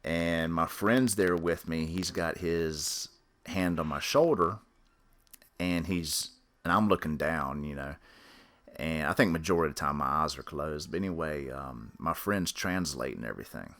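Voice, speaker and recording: A man with a very low voice tells a personal story on a podcast. He rambles along in a matter-of-fact way and keeps circling back with fillers and restarts. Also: a little slow, a bit bright. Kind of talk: casual spoken storytelling.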